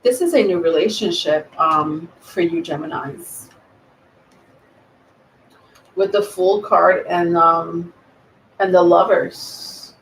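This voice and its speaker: A woman giving a live tarot reading, rambling and thinking aloud with many pauses and ums. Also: fairly low pitch, a little hiss or hum. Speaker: tarot reader. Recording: roomy echo.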